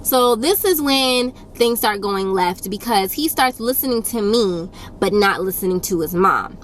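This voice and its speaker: A young woman tells a casual storytime to her camera, blunt, firm and sassy, driving her points home through repetition. Her medium-pitched voice is animated and a little slow, close-miked over a faint hiss. She's a YouTube storyteller.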